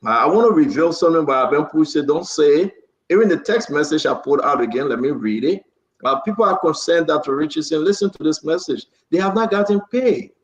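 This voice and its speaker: A man's voice: fairly high pitch, expressive, fairly quick, echoey room, muffled recording. A man hosting a heated political talk show, passionate and raising his voice. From Liberia. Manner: passionate, raises voice, repeats himself.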